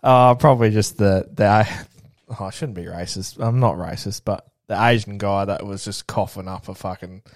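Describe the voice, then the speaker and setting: A man's voice: lowish voice, steady tone, moderate pace, dry recording, clean studio sound. A man co-hosting a podcast in laid-back casual chat, swearing and laughing easily. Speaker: podcast co-host.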